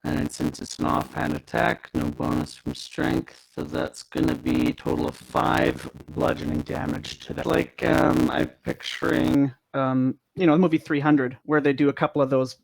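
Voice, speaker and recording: Gravelly guy at a dnd table, rambly, lots of um and like. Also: fairly high pitch, sing-song, normal speed, rough recording. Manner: rambling, with lots of fillers, describing moves. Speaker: player. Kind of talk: tabletop role-play chat.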